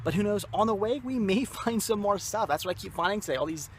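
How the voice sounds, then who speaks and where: A young vlog host speaks quickly in a high, animated voice while filming outdoors at a yard sale, with slight background noise. He's enthusiastic and rambling, often correcting himself and repeating "very cool" and "awesome."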